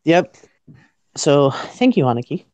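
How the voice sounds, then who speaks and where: A woman's voice: sits low, big pitch swings, a little slow, a little mellow, no room sound. A woman from Canada hosting a casual livestream chat from outdoors in freezing weather, shivering and stuttering from the cold and laughing at herself as she jokes. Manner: giggly, self-mocking, joking. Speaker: livestream host.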